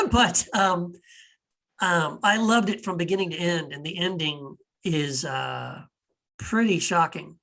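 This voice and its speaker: A man's voice: sits high, slow, creaky, sharp tone. A man hosting a podcast, talking casually and enthusiastically about films, rambling with restarts and acting out puzzled rhetorical questions. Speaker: podcast host and author.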